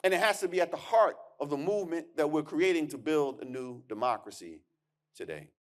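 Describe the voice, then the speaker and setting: A man with a high voice delivers a keynote lecture as a historian. He talks in an emphatic, conversational way, stacking repeated words as he restarts and landing punchy rhetorical asides. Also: expressive, brisk. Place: lecture hall.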